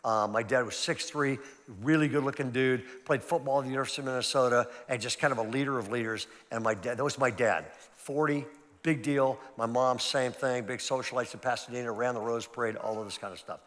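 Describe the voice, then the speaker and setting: A man's voice: medium pitch, steady tone, brisk, a bit bright. An older man, a pastor, giving a conversational, emphatic seminar talk full of personal stories. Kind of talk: sermon-style seminar talk. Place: large church hall. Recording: long hall reverb.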